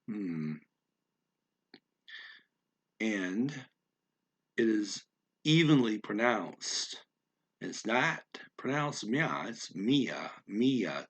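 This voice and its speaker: Guy explaining vocab, thinks out loud, says words over slowly, lots of ums. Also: mid-range voice, slightly rough. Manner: slow, halting, thinks aloud with many fillers and restarts; repeats words slowly to practice pronunciation. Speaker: language learner explaining vocabulary. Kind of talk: unscripted spoken lesson.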